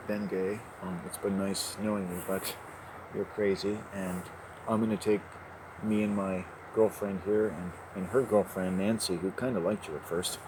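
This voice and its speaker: A man rambling and joking to himself as he walks home by a river at dusk, often breaking into laughter. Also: low voice. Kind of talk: rambling monologue while walking. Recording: noisy outdoor ambience.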